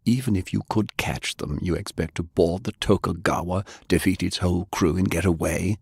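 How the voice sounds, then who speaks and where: A man voicing a stern, secretive older male elder who speaks in a low, controlled, commanding way. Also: steady tone, moderate pace, creaky, darkish tone, slightly rough, no room sound, clean studio sound, full character voice.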